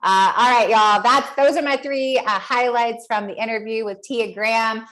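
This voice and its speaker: A woman's voice: a little high, steady tone, moderate pace, fairly bright tone. A woman hosting a podcast, recapping an interview in an upbeat, encouraging, chatty way. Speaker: podcast host.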